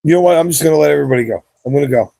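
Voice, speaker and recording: A man's voice: fairly high pitch, rapid-fire, creaky, mellow, no echo. A young man chatting casually at the end of his gaming livestream, laid-back, rambling and cursing often, on a cheap wireless mic.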